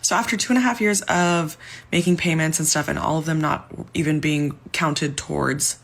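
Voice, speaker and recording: A woman's voice: deep voice, steady tone, normal speed, creaky. A young woman telling her own story in a frustrated tone, explaining at length and sometimes dropping to a whisper. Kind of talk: personal testimony video.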